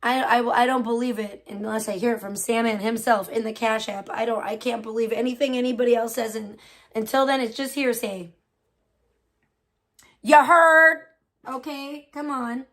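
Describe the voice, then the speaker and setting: Woman streamer, casual chat, blunt, swearing, fairly high-pitched. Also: fairly even intonation, a little fast. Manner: outspoken, swears freely, reacts with loud disgust; chatty, full of fillers and questions to chat. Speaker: livestream host; parent of a young child. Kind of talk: casual chat reacting to viewers' messages.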